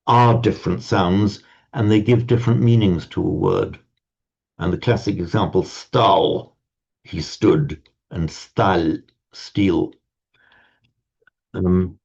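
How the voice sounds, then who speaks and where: A man with a low, mellow voice lectures his language class, wandering into digressions with frequent stammered restarts and wry remarks. It's a dull lo-fi recording.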